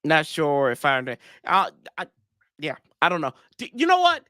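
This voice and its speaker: A man with a notably high, bright voice rants as a sports show host. His pitch swings widely as he rambles, exasperated, and throws slangy asides to his viewers. The sound is dry and close. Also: huge pitch swings, normal speed, no room sound. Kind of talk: casual sports rant.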